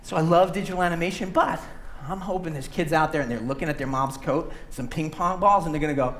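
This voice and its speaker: A puppeteer giving a stage talk, playful and enthusiastic, bouncing between ideas. His voice is bright and carried on a stage mic in a large auditorium, with faint noise underneath. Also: a little high, fast. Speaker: puppeteer and speaker. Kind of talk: talk to a youth audience.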